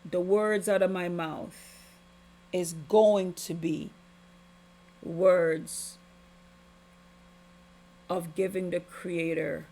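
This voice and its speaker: A woman hosting a podcast, giving an impassioned, preachy spiritual testimony with heavy emphasis. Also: on the low side. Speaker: podcast host.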